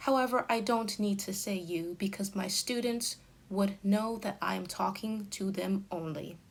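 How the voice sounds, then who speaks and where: A woman with a gravelly, medium-pitched voice gives an unhurried English grammar lesson. Like a patient tutor, she explains slowly and stresses each example sentence deliberately.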